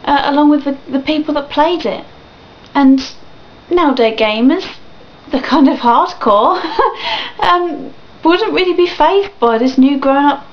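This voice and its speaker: A woman's voice: sits high, a little slow. A young woman ranting animatedly on a video blog, swearing and laughing often. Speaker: vlogger. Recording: dull lo-fi webcam audio.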